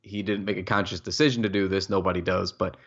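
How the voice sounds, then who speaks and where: A man's voice: low-pitched, fairly even intonation, fast talker, fairly bright tone, dull audio. A young man co-hosting a podcast, ranting heatedly in casual sports talk and swearing freely. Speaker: podcast co-host.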